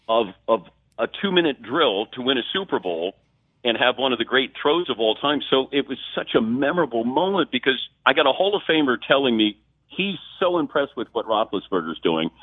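A man from Ohio, a sportscaster calling into a radio show, telling a story in a lively way and acting out the voices of others. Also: medium pitch, no echo. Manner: animated storyteller, acts out quotes. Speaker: sportscaster guest. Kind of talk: phone-in radio interview, storytelling. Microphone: phone. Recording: tinny phone line, dry.

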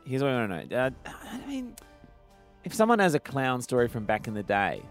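A man's voice: medium pitch, wildly swooping pitch, brisk. A man with an Australian accent co-hosting a radio show, joking playfully and reading out facts, with faint music behind. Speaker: radio co-host. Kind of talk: casual radio banter.

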